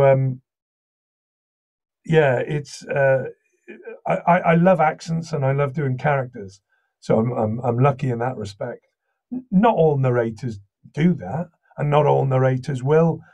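Man, slight Welsh accent, casual guest chat, lively anecdotal storyteller, medium pitch. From Wales. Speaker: guest voice actor.

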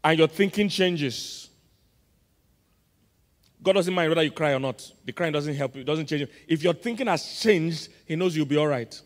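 Nigerian male pastor, lively call-and-response sermon, higher-pitched, reverberant church hall. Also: normal speed. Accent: Nigerian English. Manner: call-and-response preaching, quizzing the congregation. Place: large church auditorium.

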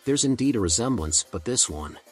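A man voicing a calm elderly mediator in a fan fiction reading, measured and steady. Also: medium pitch, slightly rough, soft background music.

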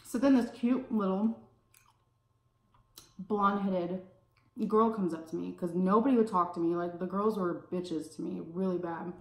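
Chatty woman vlogger in a roomy space. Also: lowish voice. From California. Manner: chatty, lots of "like" fillers, pauses to savor food. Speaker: food vlogger. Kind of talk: casual storytime while eating. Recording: roomy echo.

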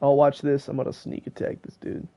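Speaking briskly in a totally flat but warm voice of medium pitch, this teen gamer streams live commentary while joking around with friends on a call.

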